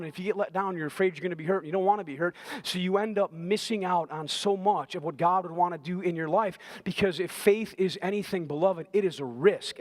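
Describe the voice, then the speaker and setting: High-voiced, emphatic male preacher. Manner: emphatic, repeating phrases, swelling to loud intensity. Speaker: pastor. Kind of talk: sermon.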